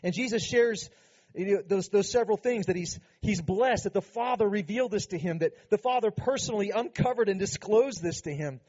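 High-voiced man preaching earnestly. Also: fairly quick, a little mellow, dull audio. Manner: earnest, emphatic preaching with frequent asides. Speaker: pastor. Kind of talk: sermon.

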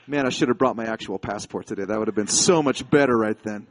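A man's voice: lowish voice, fast talker. A man in his forties from the United States, preaching a sermon as a pastor. He tells stories in a chatty way, then builds to fervent, emphatic preaching.

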